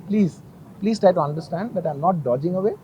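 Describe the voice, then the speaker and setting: Fast-talking emotional man. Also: high-pitched, muffled recording, crowd noise. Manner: earnest, emotional, insistent with many repetitions. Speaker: film actor at a press conference. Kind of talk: press conference statement.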